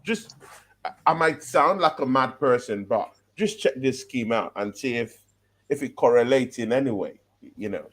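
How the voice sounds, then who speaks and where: A man holding forth in a casual football chat, animated and talkative, checking in with his listeners as he builds each point. His voice sits at an ordinary mid pitch. He laughs easily between his points. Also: normal speed. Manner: animated, laughing, walks through his argument with "yeah?" and "right?". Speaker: football podcast co-host.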